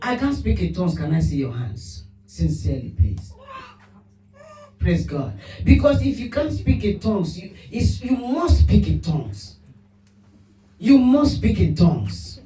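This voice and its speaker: A woman pastor preaching a lively sermon, laughing often and breaking into mock speaking in tongues. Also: mid-range voice, measured pace, faint music behind. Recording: echoey room, voice from a distance.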